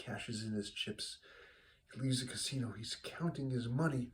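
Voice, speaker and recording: A man's voice: mid-range voice, normal speed, a little hiss or hum. A man telling a long joke in an easygoing, rambling way, with fillers and restarts. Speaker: joke teller. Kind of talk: told joke, casual storytelling.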